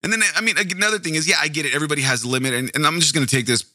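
A man's voice: on the high side, rapid-fire, sharp tone, no echo, studio quality. A man hosting a casual true-crime podcast, rambling, interrupting himself and swearing casually. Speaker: podcast host.

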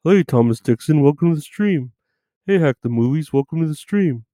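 A man's voice: a little high, expressive, brisk, dark tone, no echo. A man hosting a live stream, greeting viewers by name in loose, profane chat with frequent laughs.

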